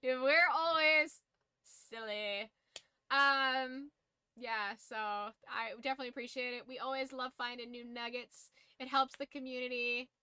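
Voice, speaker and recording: A woman's voice: high-pitched, steady tone, measured pace, sharp tone, clean tone, dry recording. A tired woman streamer chatting casually late at night, rambling loosely and swearing now and then.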